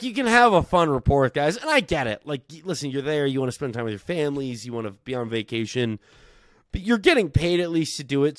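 A young man tells stories to a podcast mic, animated and quick to act out the people he quotes. He swears freely and keeps a casual tone. His voice sits in a middle register, recorded dry and close. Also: mid-range voice, no room sound. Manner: animated, swearing, quoting others in dialogue. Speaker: podcast guest. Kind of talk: casual storytelling.

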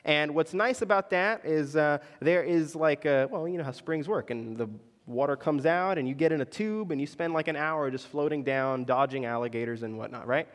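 Man, pastor, sermon, storytelling, high voice, reverberant hall. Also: moderate pace. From Florida, US. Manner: storytelling, keeps checking in with "right?".

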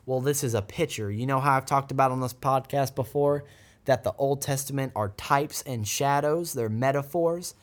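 A man's voice: medium pitch, normal speed. Guy hosting a bible podcast, earnest teaching voice, gets fired up with praise. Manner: earnest and fervent, with bursts of praise; reads scripture aloud, then explains it. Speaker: podcast host.

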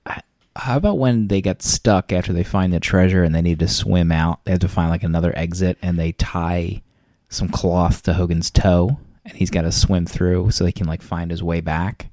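Low-voiced man ranting in disbelief. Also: fairly even intonation, normal speed, a little mellow, no echo, clean studio sound. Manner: incredulous, jokey, crude ranting. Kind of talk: casual movie review chat.

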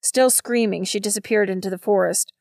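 A woman reads a novel aloud at a steady, measured pace. Her voice has a gravelly, creaky grain. The recording is close and dry, with no room sound. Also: mid-range voice, no room sound. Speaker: narrator. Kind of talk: audiobook narration.

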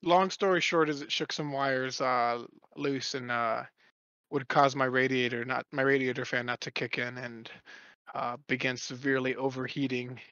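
A man's voice: mid-range voice, fairly even intonation, normal speed, bright, forceful tone, clean tone, no echo. A young man telling a story in a casual chat, rambling and swearing often. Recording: dull lo-fi recording.

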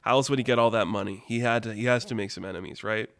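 A man hosting a casual storytelling podcast, animated and laughing often, with lots of "like". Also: on the low side, racing. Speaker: storyteller host.

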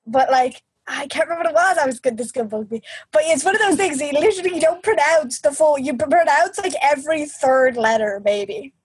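A woman's voice: high-pitched, no room sound. A young woman co-hosting a podcast, chatting casually in a sheepish, giggly way. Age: young adult. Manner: sheepish, giggly, quick to laugh. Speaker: podcast co-host. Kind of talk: casual chat.

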